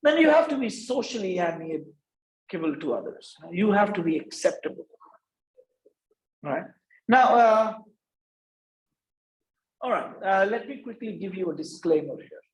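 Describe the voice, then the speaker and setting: A man's voice: sits high, sing-song, unhurried, long pauses, roomy sound, poor audio. Man lecturing, asks "right?" after each point. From India. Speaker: workshop speaker. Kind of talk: lecture to students.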